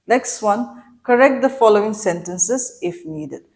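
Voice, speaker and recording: A woman teacher working through a grammar lesson in a clear, explanatory way. She keeps asking her listeners questions. She reads each example sentence slowly, stressing the words. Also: fairly high pitch, lively intonation, a little mellow. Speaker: English teacher.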